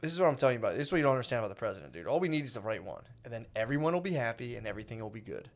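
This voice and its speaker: A man's voice: medium pitch, big pitch swings, racing. A man co-hosting a podcast in casual comedic chat, laid-back and calling people "dude.". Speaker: podcast co-host.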